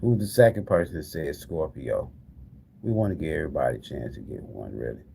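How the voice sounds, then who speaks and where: On a tarot live stream, a man with a bass voice banters with his audience, calls them "y'all," and keeps repeating the same calls to them while giving prizes away. His intonation is lively and his pace a little fast, with vocal fry and a mellow, slightly rough sound.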